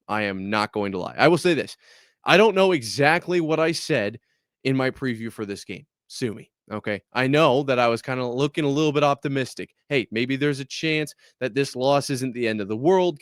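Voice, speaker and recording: A man's voice: medium pitch, dry recording. Male podcast host, casual and exasperated, dry mic. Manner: candid, exasperated, self-deprecating. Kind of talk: casual sports podcast talk.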